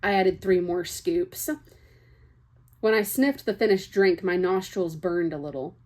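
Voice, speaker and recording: A woman's voice: fairly low pitch, measured pace, darkish tone. A young woman reading a novel aloud, chatty, breaking off for casual asides. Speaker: book reader.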